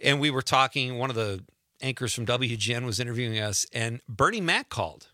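A man hosting a talk radio interview in a studio, upbeat and chatty and quick to laugh. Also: medium pitch, animated, pushed and bright, no room sound. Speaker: radio show host.

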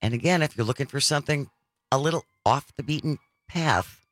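A man hosting a talk radio show, chatting casually with his co-host and smoothly wrapping up segments. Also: medium pitch, brisk, fairly bright tone, dry recording, clean studio sound. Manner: easygoing, wraps up segments smoothly.

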